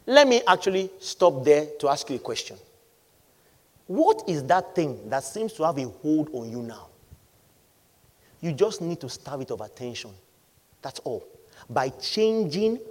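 A pastor preaching a sermon, calling on the congregation to answer back, swinging between loud exclamations and quiet asides. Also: male voice, sits high. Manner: calls for congregation responses.

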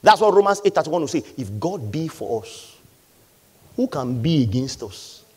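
A man's voice: on the high side, very animated, normal speed, slightly rough. A man preaching a sermon. He talks emphatically, repeats key lines and acts out voices from the congregation. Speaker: pastor.

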